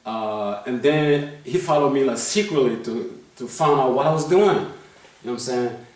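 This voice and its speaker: A man's voice: medium pitch, moderate pace. A man tells a story from his life in a loose, rambling way, restarting his sentences and checking in with his listener. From Liberia. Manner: rambling, many restarts, keeps asking "you know what I'm saying". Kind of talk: casual life-story telling. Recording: very echoey room, mic far off.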